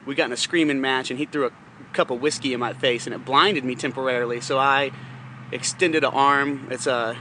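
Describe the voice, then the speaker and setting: A young man with a bright, forceful voice rambles through a profane personal story, laughing now and then as he talks. Faint traffic hum sits behind him. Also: mid-range voice, steady tone, a little fast. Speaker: podcast host. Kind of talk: casual storytelling monologue.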